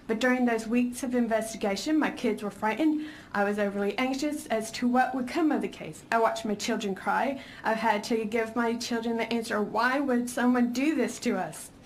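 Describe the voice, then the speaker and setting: Woman, mother giving hearing testimony; firm, deliberate read, slightly high pitch, faint noise. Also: rough recording. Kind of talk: reading prepared testimony.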